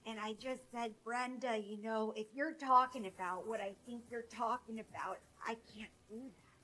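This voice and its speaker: A woman's voice: a little high, steady tone, normal speed, pushed and bright, poor audio. A woman playing a chatty middle-aged woman who retells a friend's drama in a breathless, melodramatic way, as a comedy sketch monologue. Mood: dramatic.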